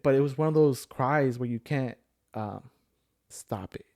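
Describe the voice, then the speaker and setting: A man's voice: medium pitch, unhurried, dark tone. Rambling man telling his story. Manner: rambling storyteller with many fillers. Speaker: podcast guest sharing his story. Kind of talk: casual chat.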